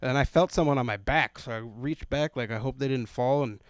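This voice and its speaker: A man in his thirties performs a stand-up set, telling stories and slipping into quick voices for the other people in them. His voice sits at an ordinary middle pitch. The sound is close and dry. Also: smooth, no echo. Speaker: stand-up comedian. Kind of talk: stand-up set at an open mic.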